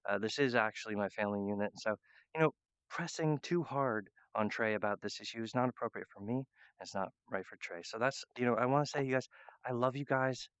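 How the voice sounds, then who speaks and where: A man's voice: mid-range voice, fairly quick, a bit bright, clean tone, no room sound, highs cut off. A man talking in a rambling monologue, hesitant and full of fillers and restarts. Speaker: channel host.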